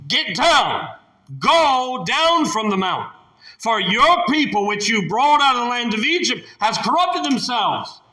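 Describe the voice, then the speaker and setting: A stern, wrathful God who speaks in a raised, bright voice and declares each line with weight, as a preacher puts him on. The voice carries a roomy echo. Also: male voice, extremely high pitch, sing-song, a little slow, voice pushed up, heavily acted. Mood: angry. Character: angry male God, weary of a rebellious people. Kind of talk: preaching a scripture passage.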